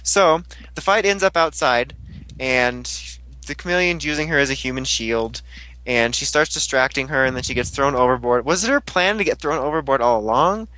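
A man's voice: medium pitch, normal speed, pushed and bright, rough recording. A young man recapping a TV episode in casual chat, rambling, giggly and crude, often mimicking the characters. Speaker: podcast host recapping an episode.

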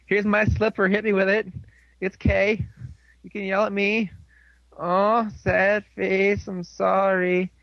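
A man's voice: sits high, level tone, creaky, no echo, lo-fi sound, voice pushed up, full character voice. A man putting on a sheepish young woman. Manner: apologetic, babbling quickly.

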